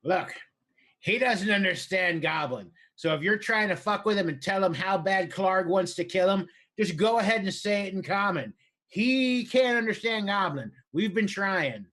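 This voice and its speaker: A man's voice: sits high, animated, normal speed, a bit bright, pitched above the performer's own voice. A man voicing a crude, impatient male goblin who mocks and gives orders in a tabletop game. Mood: mocking. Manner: crude, mocking, bossy.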